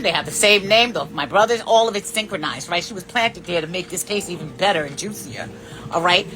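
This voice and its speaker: A woman's voice: medium pitch, pushed and bright. A woman in her fifties giving blunt, profane life advice in an unscripted monologue. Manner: blunt, profane and preachy, with big swings in emphasis.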